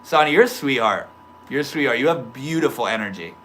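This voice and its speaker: A young man hosting a casual livestream from home, reading chat comments aloud and reacting with easygoing slang and swearing, dropping from soft murmurs to sudden loud excited outbursts. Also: medium pitch, brisk, slight background noise. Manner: swears casually, laid-back stoner slang.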